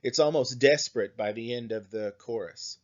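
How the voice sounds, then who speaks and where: A man's voice: mid-range voice, dull audio. A man teaching an English class, explaining poems and song lyrics with frequent "right?" checks and fillers. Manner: slow, thinking aloud with frequent "right?" and "um"; reads lyrics and verse aloud. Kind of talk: recorded lecture.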